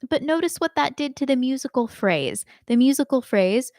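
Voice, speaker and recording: A woman teaching a live online singing lesson, explaining slowly and singing short examples. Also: sits high, expressive, darkish tone, no room sound, clean studio sound.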